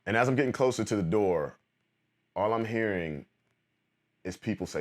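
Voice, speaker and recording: A man in his thirties telling a personal story in an animated vlog monologue, acting out old conversations. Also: fairly low pitch, moderate pace. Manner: animated, quotes friends in acted-out bits. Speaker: vlogger.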